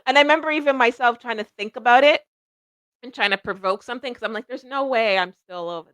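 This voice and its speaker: A woman's voice: fairly high pitch, quick pace, fairly bright tone, no room sound, muffled recording. A middle-aged woman hosting a psychic livestream, chatting casually and rambling, laughing at herself often.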